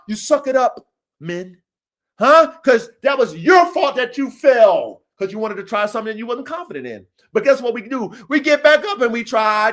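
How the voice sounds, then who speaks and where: High-voiced man preaching on a podcast. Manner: profane, preachy, swings from low mutters to shouts. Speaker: podcast host. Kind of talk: motivational podcast monologue.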